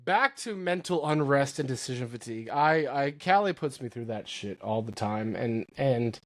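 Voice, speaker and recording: A man hosting a podcast, telling stories in casual chat and quoting others in lively voices. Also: mid-range voice, moderate pace. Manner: animated storyteller, quotes others in lively voices. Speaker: podcast host.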